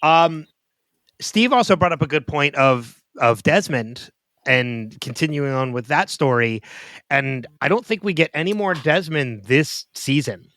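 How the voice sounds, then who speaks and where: Man, podcast co-host, casual chat, relaxed, dry recording. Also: on the high side, a little slow, no room sound.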